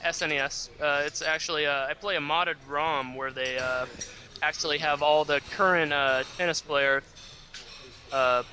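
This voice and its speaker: Man, podcast guest, gamer, hesitant, lots of fillers, bright tone. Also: fairly high pitch, steady tone, moderate pace. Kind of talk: casual interview answers.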